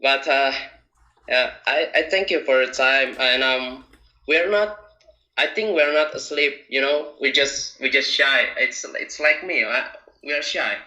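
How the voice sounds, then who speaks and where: Male caller, hesitant and giggly, bright tone, roomy echo. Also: medium pitch, unhurried. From Indonesia. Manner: hesitant, giggly, many fillers. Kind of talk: phone call-in chat.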